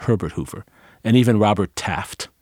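Deep-voiced man hosting a talk show. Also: normal speed, darkish tone, dry recording, studio quality. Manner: reflective, builds long questions. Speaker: podcast host. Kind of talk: conversational interview.

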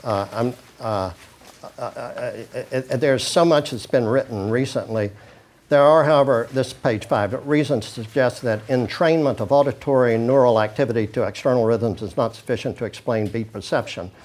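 A man's voice: medium pitch, normal speed, darkish tone. A man giving an informal lecture, reading passages from handouts and breaking off with many fillers and restarts. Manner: reads quoted passages then comments casually.

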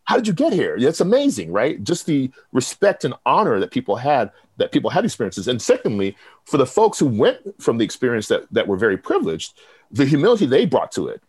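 With a husky, mid-range voice and a fairly quick pace, a professor and program director from Texas tells stories in a dry-recorded casual interview. He's animated, acting out other people's lines in lively bursts.

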